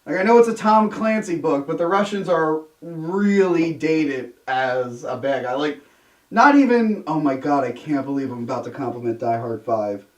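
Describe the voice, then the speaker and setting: A young man hosting a casual movie review chat, sarcastic and animated, swearing freely. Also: on the high side, moderate pace, recorded from a distance. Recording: roomy sound from off-mic.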